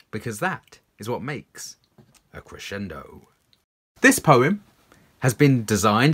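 A man performing poems aloud for children, theatrical, swinging from loud calls to hushed whispers. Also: fairly low pitch, expressive, breathy edge. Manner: slow and deliberate. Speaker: children's poet reading to kids. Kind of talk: performed poetry reading for children.

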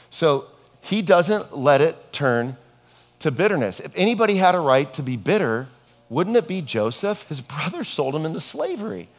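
A middle-aged man preaching a sermon as a pastor, talking in a casual, conversational way and telling stories with dark humor. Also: fairly high pitch, very animated, normal speed. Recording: long reverb of a hall.

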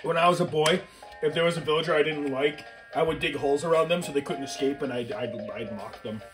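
A man's voice: on the high side, quick pace. A man co-hosting a let's play, joking and swearing in casual gameplay banter. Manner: joking, animated, swears often. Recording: game music behind.

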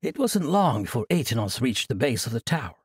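A man narrating a fantasy audiobook in an expressive storytelling manner. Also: medium pitch, fairly quick, slightly rough, no room sound, studio quality.

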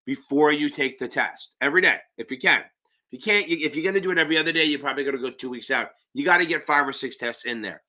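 Brash, profane male tutor. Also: a little high. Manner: emphatic, with shouted interjections. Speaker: exam prep tutor hosting a live Q&A. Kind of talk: live-stream Q&A.

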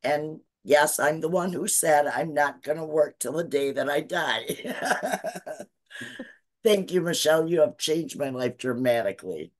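A woman's voice: low-pitched, normal speed, hardly any pauses. A woman in her sixties on a video call, giving an earnest, teary testimonial and urging listeners to follow along. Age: 60s. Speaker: guest student sharing success story. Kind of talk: emotional testimonial on a live call.

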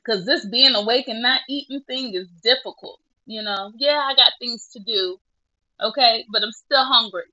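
Casual woman vlogger, bright tone, tearful laughs, lo-fi phone sound. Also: on the high side, moderate pace. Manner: chatty, self-mocking, laughing through tears. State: tearful at times. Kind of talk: casual selfie vlog.

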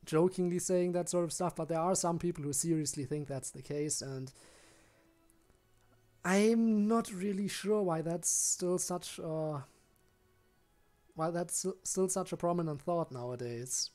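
A man's voice: fairly high pitch, a little slow, darkish tone, soft background music. A young man chatting casually with his viewers while he streams a game. He rambles, often restarts his sentences and answers questions from chat.

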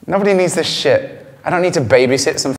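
A man's voice: on the high side, in a large hall. A man from England, a musician giving candid interview answers in a blunt, profane way, repeating words for emphasis. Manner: blunt, swearing, emphatic repetition.

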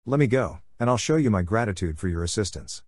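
A man's voice: fairly low pitch, lively intonation, quick pace, a little mellow, dry recording, clean studio sound. A man voicing a grim, terse male warrior held captive, speaking in curt, spitting retorts. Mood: defiant. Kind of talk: audiobook character voice.

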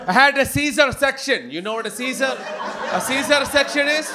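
Man doing a shrill, dramatic mother. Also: lively intonation, normal speed, a crowd in the background. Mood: indignant. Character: comedian's fussy Indian mother, loud, dramatic.

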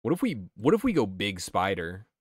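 A man's voice: lowish voice, wildly swooping pitch, moderate pace, breathy edge, no room sound, clean studio sound. A man streaming a game, talking casually and swearing while he answers his chat. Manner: chatty and profane, answering chat. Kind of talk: casual gameplay commentary.

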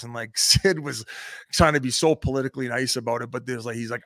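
Casting: man, 30s, podcast guest, loose swearing storyteller, mid pitch, dry close sound. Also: steady tone, brisk, fairly bright tone, no room sound. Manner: rambling, swears a lot, laughs while telling stories. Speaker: podcast guest, former hockey player. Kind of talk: casual storytelling, profane.

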